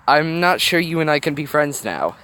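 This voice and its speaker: A man voicing an earnest, slightly awkward teenage girl who answers in quick, flustered replies, in a reading recorded on a phone. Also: on the high side, very animated, pushed and bright, smooth. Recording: noisy phone recording outdoors.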